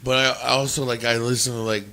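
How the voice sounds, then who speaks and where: Brash, bright-voiced man joking around. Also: mid-range voice, little pitch movement, fast talker. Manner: brash, joking, laughs a lot, tries out accents. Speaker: podcast co-host. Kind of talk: casual chat.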